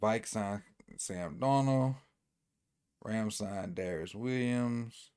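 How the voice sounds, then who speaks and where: A man's voice: lowish voice, drawn-out words, darkish tone, clear, resonant tone. Easygoing man rambling through a sports recap. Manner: loose, rambling, repeats himself, thinks aloud. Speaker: sports commentator.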